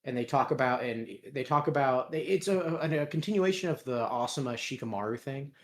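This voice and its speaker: A man hosting a casual chat, sarcastic and quick to laugh, swearing freely. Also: mid-range voice, lively intonation. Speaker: host.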